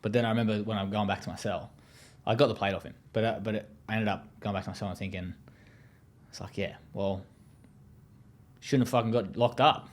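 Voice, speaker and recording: Fast-talking blunt Australian man. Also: fairly low pitch, flat delivery. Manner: blunt and profane, with many fillers. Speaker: guest. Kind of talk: casual interview storytelling.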